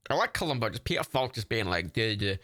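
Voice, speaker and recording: A man's voice: medium pitch, sing-song, fast talker, fairly bright tone. A man, hosting a livestream and giving casual, rambling watch-party commentary. He swears freely and laughs often. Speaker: livestream host.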